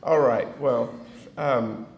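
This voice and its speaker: A man's voice: medium pitch, fairly even intonation, extremely slow, creaky. A middle-aged man with a rural Texas accent giving a keynote speech, folksy and self-deprecating, with lots of fillers and restarts. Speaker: keynote speaker. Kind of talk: keynote speech with audience banter. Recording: echoey hall with faint noise.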